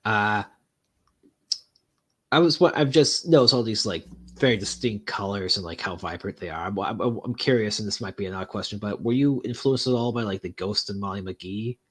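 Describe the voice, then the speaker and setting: A man's voice: lowish voice, normal speed, fairly bright tone, breathy edge. A man interviewing a creator, hesitant and chatty, with plenty of fillers and small laughs. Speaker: interviewer, host. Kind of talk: casual interview chat.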